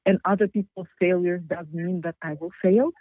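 Fast, rambling woman on a tinny phone line. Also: fairly low pitch, fairly even intonation, no echo. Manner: rushed, rambling, self-critical. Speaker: coaching client. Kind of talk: call-in coaching session. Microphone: phone call.

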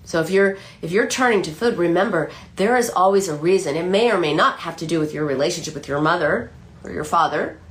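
A middle-aged woman, a psychoanalyst, explaining a case with lively storytelling and frequent restarts. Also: on the low side, fairly quick. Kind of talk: explanatory talk.

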